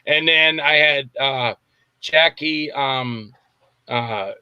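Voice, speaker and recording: In a casual interview, a film director who lives in Tampa tells long, rambling stories, often pausing to search for names. His medium-pitched voice is smooth with a sharp tone and drawn-out words. The recording is dry, with the highs cut off.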